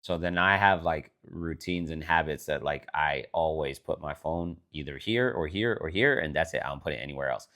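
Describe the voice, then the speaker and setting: A man's voice: rumbling low, normal speed, hardly any pauses, fairly bright tone. A young man co-hosting a podcast in casual chat, blunt and teasing and swearing freely. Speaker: podcast co-host.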